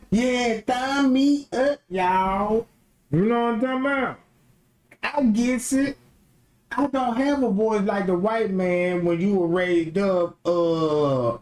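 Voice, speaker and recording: A young man rants on a livestream in an animated, joking way. He keeps dropping into mocking impressions. The room around him has a roomy echo. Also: high voice. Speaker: livestream host. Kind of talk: casual livestream rant.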